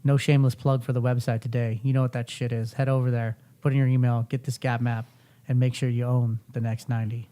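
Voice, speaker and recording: A man's voice: medium pitch, little pitch movement, quick pace, few pauses, noisy background. A young man hosting a podcast, coaching a guest through an intense, profane motivational pep talk.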